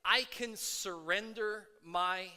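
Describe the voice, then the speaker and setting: High, bright-voiced pastor preaching. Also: male voice, slow pace. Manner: conversational preaching with many fillers, swinging from quiet to shouting. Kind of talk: sermon. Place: worship center. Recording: long hall reverb.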